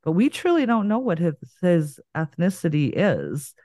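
A woman's voice: fairly low pitch, very animated, moderate pace, warm tone, no echo. Podcast host, woman, light Minnesota accent, rambling storyteller, dry close sound. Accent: slight Minnesota. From northern Minnesota. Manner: chatty, rambling storyteller who laughs often. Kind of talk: casual chat.

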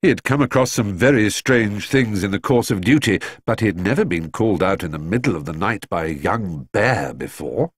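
A man narrating a children's storybook in an expressive, measured way. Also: lowish voice, husky. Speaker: audiobook narrator.

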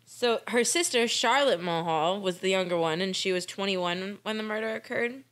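A woman's voice: mid-range voice, normal speed, a bit bright. An American woman co-hosting a true-crime podcast in a loose, joking chat. She swears freely and laughs often as she recaps the case in an easygoing, conversational way. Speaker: podcast co-host.

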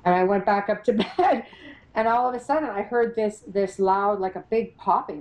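A middle-aged woman, a paranormal investigator, telling her experiences as an interview guest, animated and laughing often as she acts out what others said. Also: mid-range voice, normal speed, low-quality recording. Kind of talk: storytelling in an interview.

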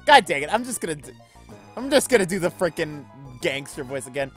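A man rambles through casual gameplay commentary, tossing in goofy, self-mocking asides. His pitch is animated and bouncy. Faint game music runs underneath. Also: a little fast, husky. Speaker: let's play gamer.

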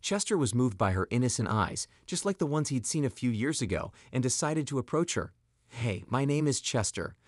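A man's voice: mid-range voice, very animated, fairly quick, few pauses, no room sound, clean studio sound. A man reading a scripted story as narrator.

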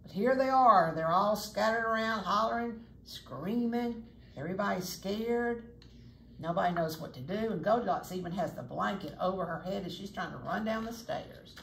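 A woman's voice: medium pitch, moderate pace, gravelly, fairly bright tone. A woman reading a children's picture book aloud as a chatty storyteller, pointing out the pictures as she goes. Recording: echoey room, faint noise.

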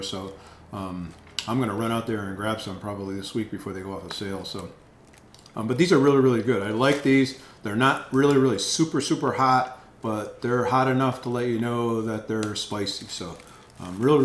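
A man's voice: fairly low pitch, moderate pace. A man hosting a casual food review vlog, rambling with repeated words and lots of ums. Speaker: food reviewer, channel host. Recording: echoey room with faint noise.

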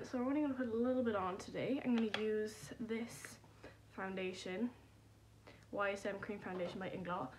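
Young woman, casual vlog chat, rambling, self-deprecating, filmed on a phone at home, mid pitch, faint background hiss. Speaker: vlogger. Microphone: phone camera.

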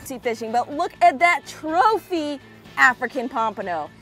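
A young woman vlogging from a fishing boat outdoors, chatting casually and bursting into excited shouts. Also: sits high, normal speed, music in the background. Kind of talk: casual vlog commentary.

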